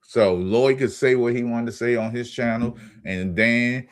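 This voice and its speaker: A man's voice: mid-range voice, a little slow, hardly any pauses. A man hosting his own sports channel, ranting in a heated, profane way and stammering when he gets angry.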